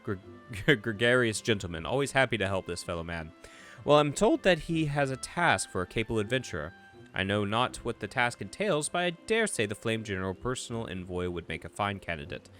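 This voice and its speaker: Man playing a polite court official, lively formal reading, faint game music behind. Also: fairly low pitch, brisk. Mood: courteous.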